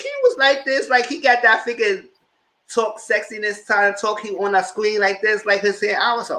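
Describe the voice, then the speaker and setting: A man hosting a TV review show, recapping scenes in a lively, casual way and acting out people's lines in exaggerated voices. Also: moderate pace, echoey room. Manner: acts out quotes in exaggerated voices, squeals high.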